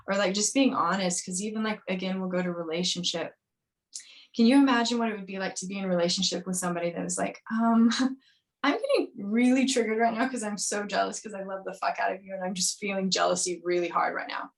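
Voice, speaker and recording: Candid, animated woman physician. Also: mid-range voice, fairly quick. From grew up on a farm. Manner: animated, acts out quoted voices, frequent fillers. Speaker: naturopathic physician guest. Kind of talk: candid podcast conversation.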